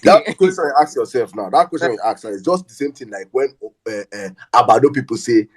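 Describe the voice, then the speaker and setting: A man's voice: mid-range voice, lively intonation, fairly quick, breathy edge. A Nigerian man in a casual chat, exasperated, firing repeated rhetorical questions in pidgin-tinged talk.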